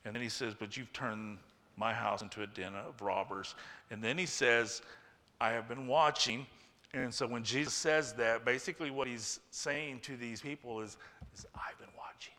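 A man preaching a sermon, animated and acting out the voices of the people in the story. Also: medium pitch, normal speed. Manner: animated, acts out quoted voices. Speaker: pastor. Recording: long hall reverb.

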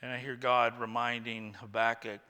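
Bright-voiced man preaching in a hall. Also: medium pitch, little pitch movement, moderate pace, smooth. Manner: conversational, plays out the prophet's complaint with humor. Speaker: pastor. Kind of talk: sermon.

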